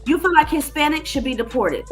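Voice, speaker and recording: A woman's voice: high voice, animated, fairly quick, faint music behind. A woman hosting a heated live-stream debate, blunt and profane, cutting in often. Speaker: stream host.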